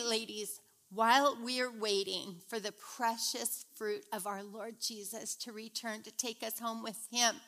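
A middle-aged woman teaching a women's Bible study in a chatty, animated way, retelling stories as she goes. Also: a little high. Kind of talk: casual devotional teaching.

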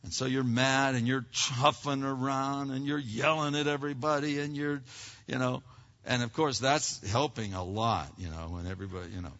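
Bright-voiced pastor preaching a casual sermon. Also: male voice, mid-range voice, steady tone, moderate pace. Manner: conversational preaching with frequent restarts and repeated words. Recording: dull lo-fi recording.

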